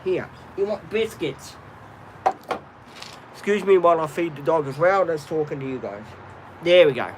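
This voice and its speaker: A man's voice: on the high side, animated, fairly quick, noisy background. A man hosting a casual live stream at home, rambling with lots of ums and breaking off to talk to his dog. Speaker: livestream host.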